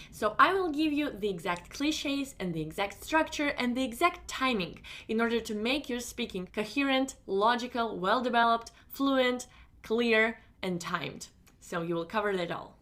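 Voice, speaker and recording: A woman teaching an online test-prep lesson in English that is not her first language, with small slips. She talks emphatically, repeats her reassurances and jumps up in pitch on key words. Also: lively intonation, normal speed, bright, forceful tone. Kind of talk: recorded lesson, explaining to students.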